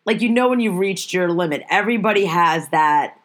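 A woman's voice: on the low side, lively intonation, brisk. A woman in a casual, profane conversation, telling stories and ranting animatedly. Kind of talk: casual chat.

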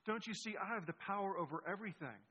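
A man's voice: high-pitched, animated, fast talker, pushed and bright, exaggerated voice. A man voicing God as a firm, matter-of-fact and reassuring deity. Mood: commanding. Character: patient, commanding male deity. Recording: husky, muffled, long hall reverb.

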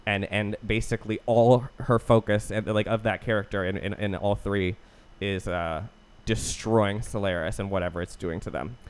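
A man's voice: on the low side, steady tone, normal speed, hardly any pauses, clean tone. A man co-hosting a podcast, casually recapping a film plot in a loose, profane way with many restarts. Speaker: podcast co-host.

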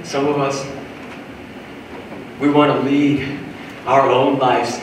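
A man preaching a sermon to a congregation, animated, swinging between shouted lines and hushed asides. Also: mid-range voice, slow, background noise. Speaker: pastor. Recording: echoey hall, voice from far off.

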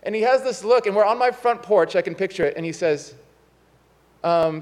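A high-pitched male pastor preaching in a church, his voice trailing off into a long reverb. He talks in a loose, chatty way and laughs at his own faults as he tells a story. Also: moderate pace, a little mellow. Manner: conversational, self-deprecating storytelling. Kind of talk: sermon with a personal story. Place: church sanctuary.

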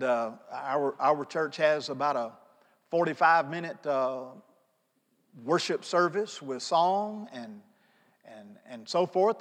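A middle-aged man preaching a sermon, telling stories in a conversational way and swinging between soft asides and loud emphatic pleas. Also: fairly high pitch. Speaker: pastor. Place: church sanctuary. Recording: long reverb of a church sanctuary.

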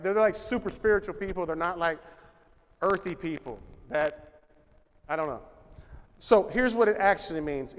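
A man's voice: sits high, a bit bright. A man preaching a sermon as a pastor, with an emphatic, conversational style full of rhetorical questions. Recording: reverberant hall.

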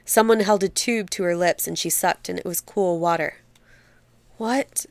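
A woman reads a dark literary story aloud, measured and steady. The recording is close and dry, with no room sound around her. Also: lowish voice, no echo. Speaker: narrator. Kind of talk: literary audiobook narration.

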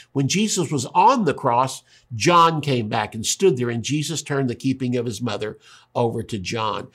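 Male Bible teacher with a husky voice, chatty and emphatic. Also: mid-range voice, fairly bright tone. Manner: retells scripture conversationally with emphatic asides. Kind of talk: sermon.

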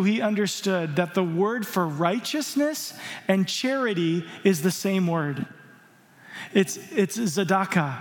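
A man with a notably high voice delivers an emphatic, exhorting sermon to his church. His words ring out with a long reverb from the hall around him. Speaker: pastor.

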